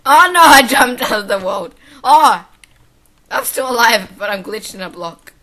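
Excitable young female gamer with lively pitch. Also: a little slow. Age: teens. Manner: excitable, laughing, exclaiming at the game. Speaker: gameplay commentator. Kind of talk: casual gaming chat.

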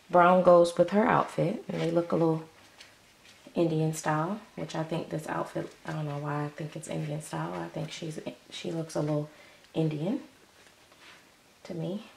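A woman's voice: low-pitched, fairly even intonation, a little slow, gravelly, pauses often, echoey room, slight background noise. A middle-aged woman chatting casually to camera at home as a doll-collecting vlogger. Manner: chatty, talks to the viewers.

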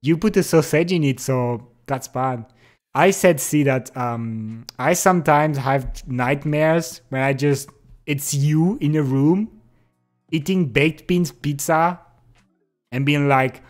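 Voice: medium pitch, takes it slowly, faint music behind. A streamer who speaks natively, chatting casually and playfully with viewers, laughing and repeating words. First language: French. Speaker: live streamer.

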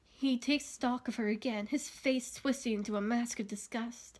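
A woman reading a novel aloud, steady and even, with the occasional slip of the tongue. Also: on the high side, normal speed. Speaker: audiobook reader.

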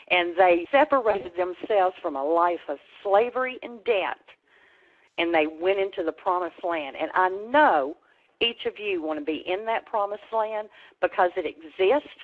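A woman's voice: mid-range voice, lively intonation, a little slow. Rousing woman host over a tinny line. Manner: rousing, preacher-like pep talk. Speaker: webinar host. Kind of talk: motivational webinar talk.

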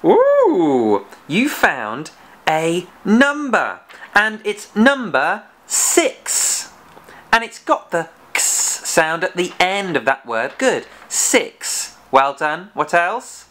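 Male kids' phonics host, animated and sing-song, slow and encouraging, playful scolding. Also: high voice. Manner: slow and exaggerated, sounding out letters. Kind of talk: children's phonics lesson with a puppet.

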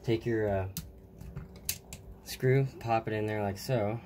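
At his workbench, a tired hobbyist walks through a model truck build, rambling and trailing off while talking to himself as he works. His fairly low voice moves slowly, and a clear, steady background noise runs underneath.

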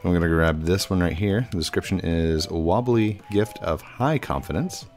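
A man's voice: low voice, normal speed, a little mellow, soft background music. A young man hosting a gaming video, chatting casually over his gameplay with frequent ums and uhs. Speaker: gaming channel host.

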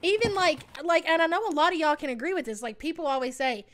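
A woman's voice: high-pitched, quick pace, a crowd in the background. A woman co-hosting a reaction show, giving blunt, crude, profanity-laced commentary. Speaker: co-host of a reaction channel.

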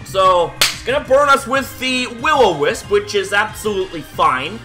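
A young man giving live game commentary, excitable and swearing often, yelling at big plays, fresh from the gym with a dry throat. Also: high voice, moderate pace. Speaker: gaming YouTuber. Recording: music faint behind voice.

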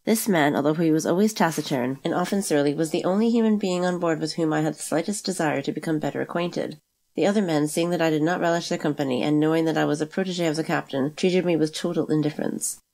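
Low-voiced woman reading a novel quickly. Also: a little mellow. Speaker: audiobook narrator. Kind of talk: reading a classic novel aloud.

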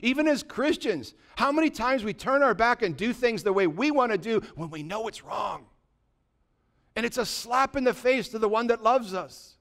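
A man's voice: very high voice, expressive, normal speed, a bit bright. A pastor preaching a sermon, asking his congregation rhetorical questions and telling a story with acted-out dialogue. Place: church.

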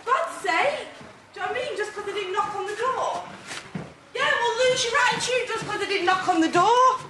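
A woman's voice: extremely high pitch, lively intonation, a little fast. A woman, a reality show housemate, arguing indignantly and half-laughing as she repeats herself. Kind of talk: heated argument. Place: indoors in a house. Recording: roomy house with background noise.

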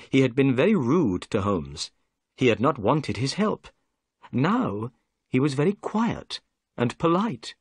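A man narrating a story for English learners in a clear, expressive storytelling manner. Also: mid-range voice, dry recording, studio quality.

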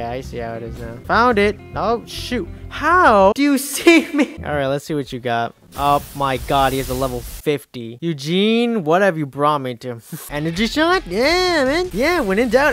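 Let's play host, excitable running commentary, mid-range voice, faint game music behind. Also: mid-range voice. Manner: excitable, reacting aloud to the game; swaps curses for mild words like fudge and shoot. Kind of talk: gaming commentary.

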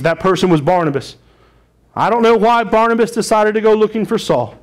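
A man preaching a sermon as pastor of his church, talking in a conversational way and putting questions to the congregation. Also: on the high side.

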